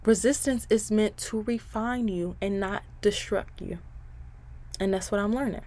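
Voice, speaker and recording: A woman's voice: mid-range voice, unhurried, dark tone. A young woman in her twenties hosts her own podcast in a casual monologue. She is chatty and candid, speaks right to her listeners, and laughs between her thoughts. Her tone is faith-filled and encouraging. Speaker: podcast host.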